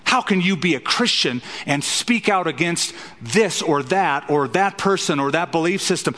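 A man's voice: fairly high pitch, animated, normal speed, bright, forceful tone, big-room sound. A man preaching an expository sermon as a pastor, emphatic and fond of rhetorical questions.

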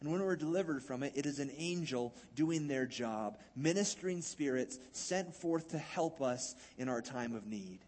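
A man's voice: fairly high pitch, expressive, normal speed, hardly any pauses, a little mellow. A male pastor preaching a sermon in a conversational, folksy way, acting out Bible scenes.

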